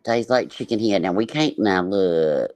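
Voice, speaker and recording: A woman's voice: rumbling low, lively intonation, unhurried, a little mellow, dry recording, soft background music, poor audio. A woman hosting a casual livestream, joking and laughing as she reacts to other streamers. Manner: sassy, joking, lots of laughter. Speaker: host.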